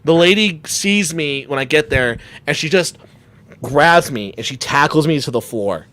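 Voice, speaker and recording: A man's voice: a little high, moderate pace. A young man, a podcast guest, telling a long story in casual chat and acting out the people in it. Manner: animated storyteller, acts out quotes with shouts and laughs. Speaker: podcast guest, comic creator.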